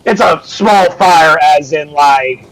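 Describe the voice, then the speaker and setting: A man's voice: fairly high pitch, slow, fairly bright tone, a little hiss or hum, low-quality recording. A man running a tabletop game as game master, narrating casually and swearing freely. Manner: casual, swears freely, acts out crew voices.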